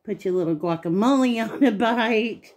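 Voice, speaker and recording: A woman's voice: a little high, normal speed, a little mellow, slight background noise. A woman hosting a casual home cooking video, chatting homely to viewers and sometimes talking with her mouth full. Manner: chatty, homey, talks while eating. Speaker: cooking channel host. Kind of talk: casual cooking vlog talk.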